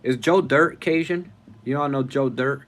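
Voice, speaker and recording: A man hosting a casual live stream, reading viewer comments aloud, rambling and thinking out loud as he goes. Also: mid-range voice, moderate pace. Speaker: livestream host.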